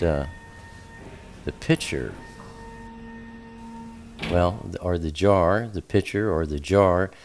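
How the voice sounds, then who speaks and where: A man teaching scripture slowly and deliberately, with frequent fillers as he spells out Hebrew letters and their meanings. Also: fairly low pitch. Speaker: Bible teacher.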